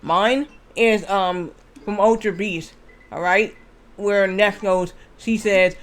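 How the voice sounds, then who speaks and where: A man's voice: sits high, takes it slowly, fairly bright tone. A man streaming a game, chatting in a rambling, casual way with restarts and frequent swearing. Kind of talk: casual gameplay commentary.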